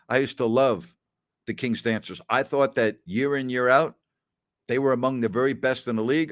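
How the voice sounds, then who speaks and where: Man, middle-aged, host answering listener questions, casual and chatty, anecdote-teller, mid-pitched voice. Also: a bit bright. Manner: chatty, tells anecdotes with quoted dialogue, often says "absolutely". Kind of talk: casual Q&A storytelling.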